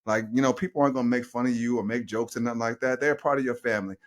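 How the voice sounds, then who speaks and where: Speaking very fast with a medium-pitched voice, this middle-aged life coach runs a casual podcast. His delivery is lively and slangy, and he addresses his audience as y'all.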